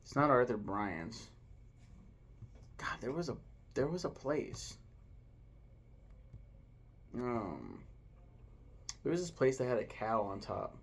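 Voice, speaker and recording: A man's voice: medium pitch, sing-song, takes it slowly, gravelly, long pauses, husky. A young man casually ranking his favorite restaurants, rambling, swearing freely and stopping to search aloud for names. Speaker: vlogger. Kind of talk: casual food ranking vlog.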